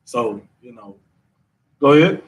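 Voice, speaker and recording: A man's voice: mid-range voice, very animated, a little slow, recorded from a distance. A man, teaching a scripture class in a casual, repetitive, slangy way. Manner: conversational, repeats himself, drawling slang.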